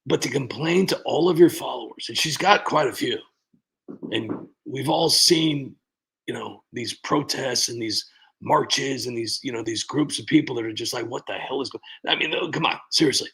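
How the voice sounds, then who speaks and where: A man with a gravelly, husky voice talks casually into a desk mic on his livestream. He rambles and restarts his sentences and sighs now and then as he greets his viewers. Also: mid-range voice, normal speed, a bit bright, poor audio. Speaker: livestream host.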